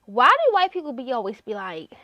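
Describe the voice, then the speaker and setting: Tipsy woman host, high voice, brash and profane, sings bits, dry slightly dull recording. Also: wildly swooping pitch, fairly quick, dry recording. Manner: loud, playful, swears freely, breaks into singing. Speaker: podcast host. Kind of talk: casual solo podcast chat.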